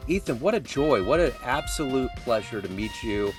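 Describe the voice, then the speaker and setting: A man hosting an interview podcast, asking relaxed, soft-spoken questions and reading his own promo. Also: medium pitch, normal speed, faint music behind. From Kansas City area. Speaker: podcast host.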